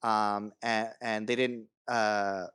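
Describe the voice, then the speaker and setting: Halting man in casual podcast banter. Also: on the low side, flat delivery, fairly bright tone, smooth, no room sound, clean studio sound. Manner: halting, lots of fillers and restarts, swears. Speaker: podcast co-host.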